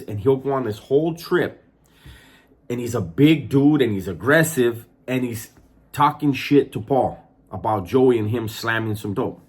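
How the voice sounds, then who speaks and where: Husky-voiced man telling prison stories. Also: medium pitch, lively intonation, measured pace. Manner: profane, acts out voices in his story. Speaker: former prison inmate storyteller. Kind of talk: casual storytelling.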